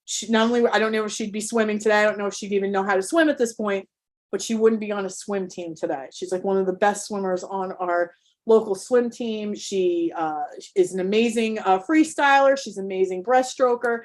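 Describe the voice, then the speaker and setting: A woman's voice: mid-range voice, fairly quick. A middle-aged woman leading an online workshop, telling a candid, emotional personal story with many restarts. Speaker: workshop host, parent coach. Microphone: video call.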